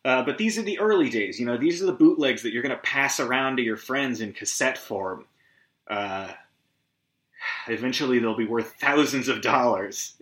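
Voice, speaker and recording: A man's voice: medium pitch, animated, moderate pace, a bit bright. Scattered, rambling man in an echoey room. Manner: rambling, scattered, swearing, self-deprecating asides. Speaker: podcast host. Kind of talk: solo movie recap.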